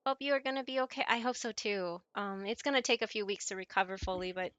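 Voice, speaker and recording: A woman's voice: mid-range voice, fast, a bit bright, no room sound. A woman streamer chatting casually with her viewers while she plays a game, giggling often and answering messages from chat.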